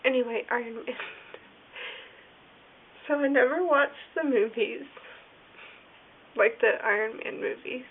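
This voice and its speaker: A woman talking in a casual video diary, rambling and halting, with lots of "like" fillers. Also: a little high. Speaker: vlogger. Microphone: phone or camera filming herself. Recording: tinny phone-like sound with faint hiss.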